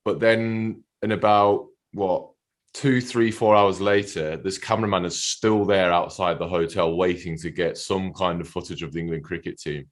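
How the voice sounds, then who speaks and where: Brief: male guest, somewhat low voice, loose rambling anecdote. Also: steady tone, moderate pace. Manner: rambling, restarts, giggly. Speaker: guest cricketer. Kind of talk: casual storytelling.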